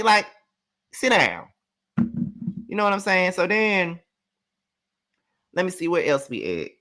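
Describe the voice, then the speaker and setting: Guy from mississippi going off on a reality show recap, bright edgy voice, kinda high, cussing a lot. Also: huge pitch swings, takes it slowly, pauses often. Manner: sassy, profane, emphatic ranting. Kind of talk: casual ranting commentary.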